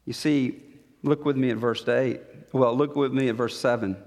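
A man preaching a sermon with dramatic pauses and emphatic repetition, in a church sanctuary. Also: medium pitch, fairly even intonation, a little mellow, big-room sound. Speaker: pastor.

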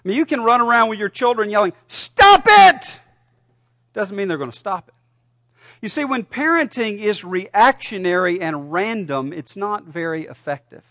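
A man preaching a sermon as a pastor, animated, telling a story and shouting punchlines. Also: sits high, normal speed, dry recording, clean studio sound. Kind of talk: sermon with a joke told.

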